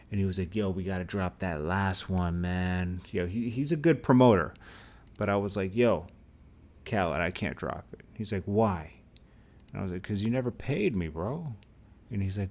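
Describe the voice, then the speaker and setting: Brief: young male vlogger, deep voice, casual storyteller who bursts into loud high-pitched impressions. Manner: animated, acts out quotes with loud high outbursts.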